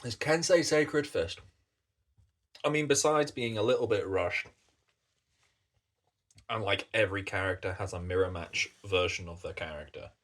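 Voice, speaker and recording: A man's voice: deep voice, normal speed, pauses often, a bit bright. A British man chatting casually as a coffee reviewer, rambling along and swearing in passing. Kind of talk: casual chat.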